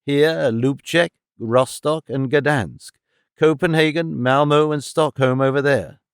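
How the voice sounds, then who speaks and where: A man voicing a sharp, brisk detective who lays out his deductions in a crisp, decisive way. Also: fairly high pitch, steady tone, dry recording, studio quality.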